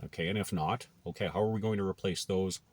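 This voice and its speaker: A man's voice: low-pitched, fairly even intonation, quick pace, husky. A man from Canada talking casually to camera, thinking aloud with many restarts and okays. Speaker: blogger.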